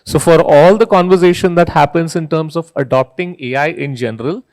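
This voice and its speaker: A man's voice: on the high side, a little fast, a little mellow. A middle-aged man giving a conference keynote, talking in a conversational way and often tagging "right?" onto his points. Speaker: keynote speaker. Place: conference hall stage.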